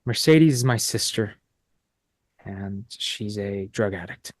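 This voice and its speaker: A man's voice: fairly low pitch, lively intonation, takes it slowly, no echo. Man playing an uncle revealing a family secret. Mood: grave. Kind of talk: acting class scene.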